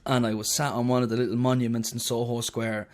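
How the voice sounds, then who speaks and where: A man's voice: medium pitch, little pitch movement, quick pace, a little mellow. A young Irish man, a guest singer, chatting in an interview and telling stories with a loose, self-mocking way of talking. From Ireland. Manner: chatty storyteller, swears and jokes about himself. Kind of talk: casual interview chat.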